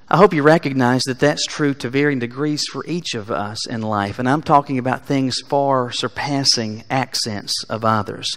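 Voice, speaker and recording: Male pastor, earnest sermon delivery, rising to emphatic peaks and falling quiet, mid pitch. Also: moderate pace, few pauses. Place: church sanctuary.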